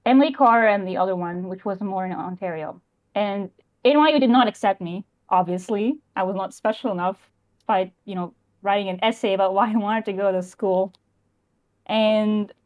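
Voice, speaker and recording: A young adult woman calling in over a voice call, talking in a halting way that often trails off. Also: fairly high pitch, muffled recording. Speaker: caller. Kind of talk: casual call-in chat.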